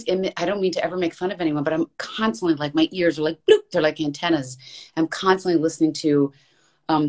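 A guest voice actress talks about her voice-acting work in a casual interview, chatty and earnest, speaking in long flowing runs. Her voice sits low with a darkish tone.

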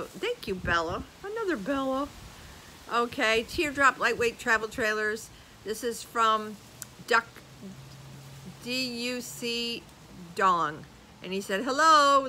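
An older woman vlogger chatting casually as she reads viewer comments aloud, animated and laughing often. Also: a little high, a little hiss or hum, low-quality recording. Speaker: YouTube vlogger. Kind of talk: casual chat reading comments.

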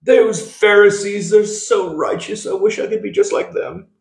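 A man voicing a fawning male onlooker in a mock British accent, gushing in a high, theatrical voice. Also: fairly even intonation, moderate pace, vocal fry. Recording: roomy echo.

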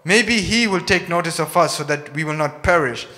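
A bossy ship captain in a panic, as a preacher acts him out, barking high, urgent orders. The voice is bright and forceful and rings through a hall with a long reverb. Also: male voice, moderate pace. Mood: alarmed. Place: rented hall, live service.

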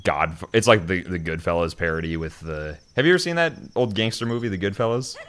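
Low-voiced male co-host, loose and giggly, with soft game music behind. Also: lively intonation, fairly quick. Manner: chatty, laughs a lot, meandering anecdotes. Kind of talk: casual gaming chat.

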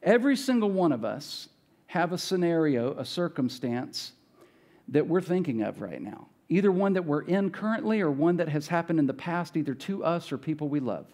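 A man's voice: on the high side, lively intonation, moderate pace, darkish tone. A man preaching a sermon as pastor, talking in a conversational way and acting out the voices of biblical characters. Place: church.

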